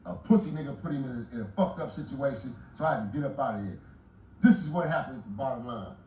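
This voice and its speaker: A man in his late forties retelling prison stories loudly and profanely, shouting at times in an animated way. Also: mid-range voice, fast talker. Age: 40s. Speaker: guest telling prison stories. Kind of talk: storytelling interview. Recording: roomy echo, distant mic, audible noise.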